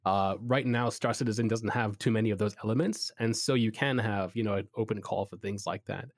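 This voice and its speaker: A man chats casually as a podcast co-host, his talk full of "like" and "you know" as he eagerly hands out advice. His voice sits a little low. The sound is dry, with no room around it. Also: a little fast, no echo. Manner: rambling, heavy use of "like" and "you know"; enthusiastic, advice-giving. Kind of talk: casual chat.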